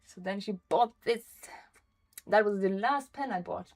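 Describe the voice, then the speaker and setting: A woman's voice: medium pitch, measured pace, soft background music. A young woman streaming and chatting casually with her viewers, rambling and self-deprecating, full of "like" and casual swearing. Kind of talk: casual chat to a live stream chat.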